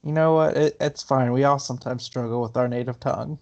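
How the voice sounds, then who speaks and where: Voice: medium pitch, fairly even intonation, brisk, creaky, darkish tone, lo-fi sound. A podcast co-host in casual chat, tossing in dry, joking comments. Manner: dry wisecracking interjections.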